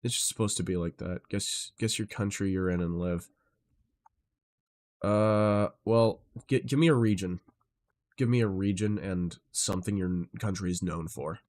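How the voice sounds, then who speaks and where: A man streaming live, chatting casually with viewers and jumping between tangents, often excitable and swearing freely. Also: low voice, normal speed.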